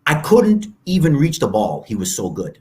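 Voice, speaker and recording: A man in his sixties from Canada, a guest telling stories in an animated, casual way, often acting out other people's voices. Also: mid-range voice, normal speed. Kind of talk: casual storytelling interview.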